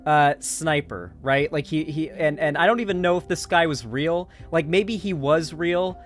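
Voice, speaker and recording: A man giving casual, sarcastic commentary, profane and full of fillers and restarts. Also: a little high. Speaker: online commentator. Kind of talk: casual political commentary, recapping a movie.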